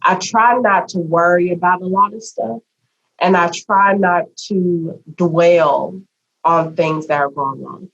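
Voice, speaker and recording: A woman's voice: on the low side, slow pace, creaky, fairly bright tone. A woman co-hosting a podcast, talking reflectively in a folksy, preachy way about how she was raised. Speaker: podcast co-host. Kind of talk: casual chat. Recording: dull lo-fi sound.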